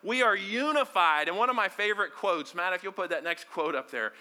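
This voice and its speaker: A male pastor preaching a sermon to his congregation, shifting from hushed near-whispers to loud, emphatic lines and leading the room in call-and-response. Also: high-pitched, animated, brisk, clean tone. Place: church service before a congregation.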